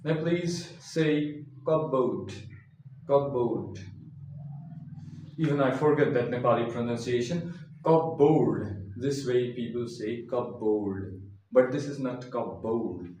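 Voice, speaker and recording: A man teaching English pronunciation, saying each word slowly and repeating it several times so the listener can copy him. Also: medium pitch, darkish tone. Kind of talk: slow, deliberate pronunciation lesson. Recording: echoey room, distant mic, faint hiss.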